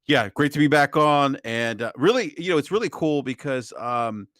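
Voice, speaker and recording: A man speaking as a guest on a gaming podcast, soft and hesitant. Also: medium pitch, lively intonation, moderate pace, dry recording, studio quality. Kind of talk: casual podcast chat.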